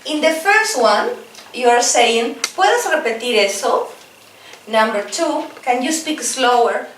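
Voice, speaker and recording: A woman whose first language is Spanish runs a bilingual English lesson, stretching each practice phrase out slowly before hurrying through the explanations. She sits a bit back from the mic, so the room rings around her voice. Faint background noise runs underneath. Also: on the high side, animated, a bit bright, echoey room, far from the mic, poor audio. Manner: slow, over-articulated drill repetitions, quicker Spanish explanations. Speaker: English teacher.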